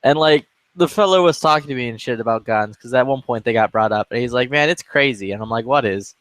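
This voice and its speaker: A gaming streamer chats casually in a game lobby, telling a rambling story full of swearing and acted-out quotes. He has a mid-range, slightly bright voice and speaks fast, with no room sound.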